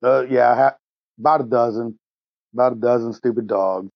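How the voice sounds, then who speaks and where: A man's voice: mid-range voice, moderate pace, no echo, dull audio. A man playing a tabletop role-playing game, describing scenes casually and rambling with fillers. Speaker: tabletop player. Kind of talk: improvised role-play narration.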